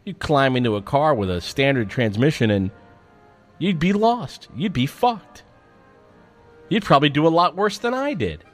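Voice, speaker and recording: A man's voice: a little high, moderate pace, soft background music. Wry, self-mocking male radio host. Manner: lively, swings between loud outbursts and muttering. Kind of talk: storytelling monologue.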